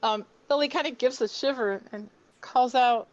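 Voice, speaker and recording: A woman playing a tabletop game over a call, chatting in a lively, giggly way about her character. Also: sits high, moderate pace, no echo, muffled recording. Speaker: player. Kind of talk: casual tabletop game talk. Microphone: online voice call.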